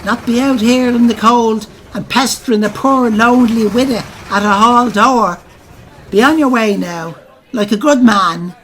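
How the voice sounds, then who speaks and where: A man doing a sly coaxing widow, gutsy, wheedling, lively pitch. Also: slow, slight background noise, exaggerated voice. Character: coaxing, sly Dublin widow, middle-aged.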